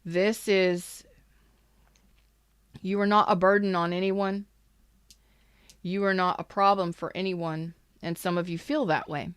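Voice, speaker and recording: Woman tarot reader, low voice, smooth clear tone, dry close sound, blunt, emphatic, swears. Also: steady tone, measured pace, long pauses, no echo. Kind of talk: casual live tarot reading.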